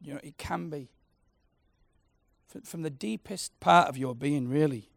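A man preaching, passionate and personal, swinging from loud declarations to soft, intimate prayer. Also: a little high, measured pace, creaky, dry recording. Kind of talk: sermon.

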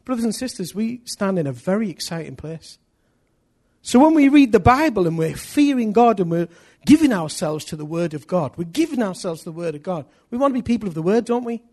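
A man preaching a sermon, swinging from hushed, earnest lines to loud rallying questions to his congregation. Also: sits high, very animated, a little fast.

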